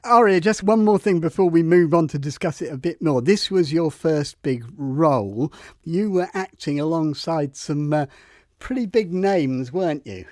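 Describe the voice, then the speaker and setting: A man's voice: fairly high pitch, expressive, normal speed, no room sound, clean studio sound. A male radio host interviewing a guest and bringing in a co-host in a friendly way. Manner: friendly, leading questions.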